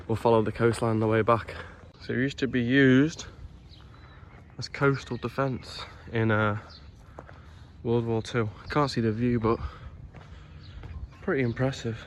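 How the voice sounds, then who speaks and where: Man, casual travel vlog, outdoors on a trail, camera mic, teasing and chatty, faint background noise. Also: medium pitch. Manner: chatty, teasing, laughs often. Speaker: travel vlogger. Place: outdoors on a coastal walking trail.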